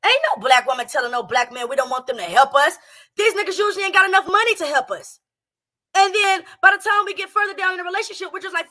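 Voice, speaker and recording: A high, bright woman's voice, ranting brashly and cursing as she reacts to a clip. She talks in loud bursts, then drops low and quiet. It is a casual commentary voice, recorded at home. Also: lively intonation, quick pace. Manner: brash, profane, heated ranting. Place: home, a townhouse. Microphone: streaming setup with speakers playing a clip.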